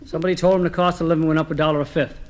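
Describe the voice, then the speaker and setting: A man telling comic stories, delivering one-liners with a deadpan manner. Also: fairly high pitch, rapid-fire, heavy background noise. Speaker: comedian. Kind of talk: comic storytelling.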